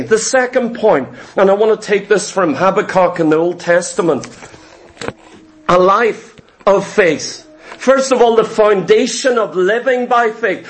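A man's voice: high-pitched, measured pace. A male pastor preaching a sermon, emphatic, with rhetorical questions and repeated phrases.

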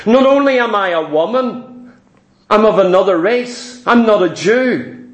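A man's voice: high-pitched, animated, roomy sound, lo-fi sound. A preacher speaking as a foreign woman who hesitantly doubts whether she may ask for help. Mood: doubtful. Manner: halting, self-doubting.

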